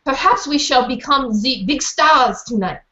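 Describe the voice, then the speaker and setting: A woman's voice: sits high, animated, measured pace, sharp tone, reverberant, highs cut off, pitched above the performer's own voice, full character voice. Woman voicing a French-accented male dog. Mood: excited. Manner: formal, gallant phrasing.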